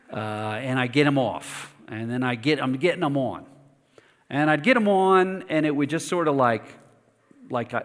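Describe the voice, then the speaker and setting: A pastor preaching a sermon, telling a personal story in an animated, self-mocking way with lively asides. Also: male voice, medium pitch. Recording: long reverb of a church hall.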